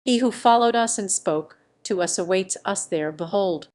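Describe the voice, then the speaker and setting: Woman reading impatient musketeer man, sharp and cool, storybook voice. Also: medium pitch, normal speed, natural voice. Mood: tense. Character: cool, hot-tempered male musketeer.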